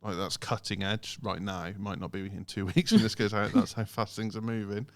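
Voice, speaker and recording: Man, podcast co-host, gravelly, close dry sound, animated storyteller. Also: on the low side, fairly quick, no room sound. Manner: animated, mimics phone recordings in sing-song voices. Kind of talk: casual podcast chat.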